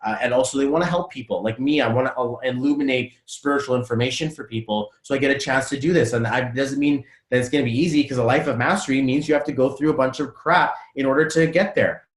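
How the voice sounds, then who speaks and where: An animated man speaks as a coach, in a voice of middling pitch, and he keeps the talk loose and gushing. He leans on slang and fillers. He comes through a video call from a room with a noticeable echo. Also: quick pace, few pauses. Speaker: numerology coach. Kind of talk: casual webinar talk.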